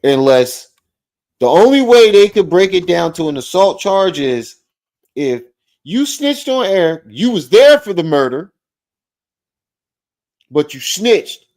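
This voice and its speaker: A man hosting a livestream, reacting to a clip with animated, mocking commentary. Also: fairly high pitch, a little slow, pauses often. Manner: animated, mocking, repeats phrases. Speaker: livestream host.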